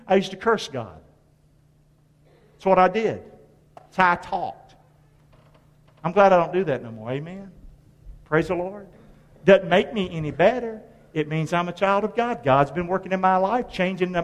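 A man preaching a sermon as a pastor, speaking lively and drawing call-and-response from the congregation. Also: high-pitched. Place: church hall with long reverb. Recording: reverberant church hall.

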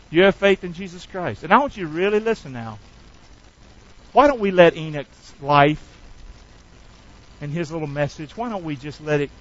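A high-pitched man preaching to his church, calling out for the congregation to answer him back. He slides between folksy, slangy asides and solemn scripture. The sound is a little dull and lo-fi. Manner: call-and-response preaching, asks the church to repeat lines. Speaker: pastor. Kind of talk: sermon.

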